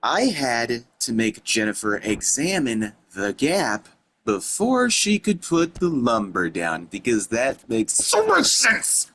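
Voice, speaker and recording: A man doing gameplay commentary, sarcastic and mocking the game and its heroine, reading the game's text aloud in a quieter voice. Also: medium pitch, huge pitch swings, slow pace, slight background noise. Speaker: let's play commentator.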